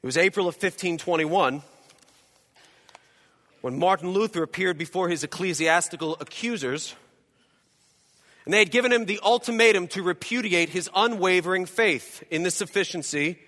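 A male pastor preaches with a high, bright voice that has a ringing edge. He swings from loud to hushed as he acts out imagined voices. His words trail off into a long hall reverb from the church around him. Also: moderate pace, pauses often. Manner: dramatic, acting out quoted voices, swings from loud to quiet. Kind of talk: sermon.

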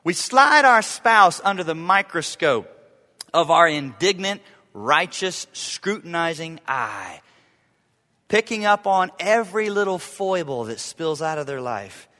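A man's voice: on the high side, sing-song, unhurried, pushed and bright. A man in his forties preaching a sermon, emphatic and repeating his key phrases for the congregation. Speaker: pastor. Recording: echoey hall reverb.

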